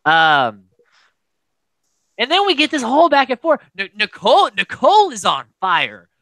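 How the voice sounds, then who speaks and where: A man hosting a casual podcast recap, animated and acting out the quotes of people he describes. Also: moderate pace, dry recording. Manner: animated, acts out quotes with big pitch jumps. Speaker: podcast host.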